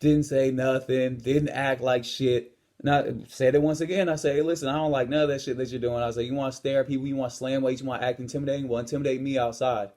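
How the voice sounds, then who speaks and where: A man's voice: medium pitch, steady tone, fast talker. Blunt, profane man telling a gym story. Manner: blunt and profane, acting out confrontations with sudden loud bursts. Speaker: podcast host, lifestyle and health coach. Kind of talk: casual storytelling monologue.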